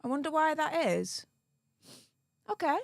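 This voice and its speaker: A woman's voice: sits high, lively intonation, a little slow, creaky, dry recording, clean studio sound. A woman hosting a live-stream commentary, chatty and gushing in her thanks to viewers. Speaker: livestream commentary host.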